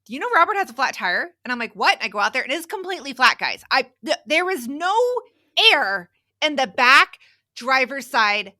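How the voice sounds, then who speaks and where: Animated, bright-voiced woman storyteller. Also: high-pitched, normal speed. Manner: animated storyteller, acts out her kids' lines. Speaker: podcast co-host. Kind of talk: casual chat.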